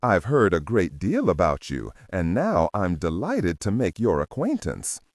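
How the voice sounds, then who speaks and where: A man voicing a courtly, formal FBI agent with a Southern drawl, speaking slowly in a low, husky voice. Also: huge pitch swings, dry recording, clean studio sound, heavily acted.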